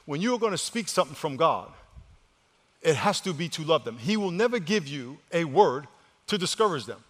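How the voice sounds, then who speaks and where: A male pastor preaching a sermon. He leads the congregation in call-and-response, repeats words as he restarts, and moves between loud exhortation and hushed, quiet delivery. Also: on the high side. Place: church sanctuary with congregation. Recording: long reverb of a large church hall.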